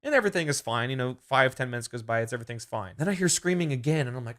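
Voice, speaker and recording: A young man co-hosting a podcast, telling a story in a relaxed way and acting out quotes with sudden loud outbursts. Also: medium pitch, rapid-fire. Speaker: podcast co-host. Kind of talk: casual chat.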